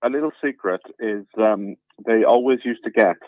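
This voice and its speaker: Low-voiced man over a tinny phone line. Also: moderate pace, no room sound. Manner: relaxed storytelling, many fillers. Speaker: caller. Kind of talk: casual phone chat.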